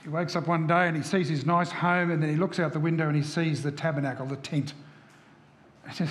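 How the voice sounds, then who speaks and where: A man's voice: fairly high pitch, fairly even intonation, normal speed. A man preaching a sermon, often asking the listeners rhetorical questions. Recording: echoey hall from far off.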